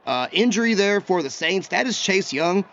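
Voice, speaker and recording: A man giving live, chatty commentary while he plays a football video game, excitable and talking to himself about each play. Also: sits high, moderate pace, lo-fi sound, slight background noise. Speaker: gaming YouTuber.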